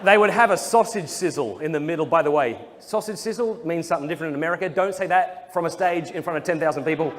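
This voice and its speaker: A man's voice: fairly high pitch, quick pace, hardly any pauses, a little hiss or hum. A young Australian man telling funny stories to a live audience as a Catholic speaker, acting out the voices of the people in them. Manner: joking storyteller, acts out quoted voices. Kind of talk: comedic talk to a live audience. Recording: live hall with long reverb, faint crowd ambience.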